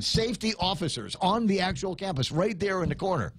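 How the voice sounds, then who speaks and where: A man hosting a talk radio show, ranting in a casual, animated way and restarting his sentences often. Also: high voice, fairly quick, few pauses.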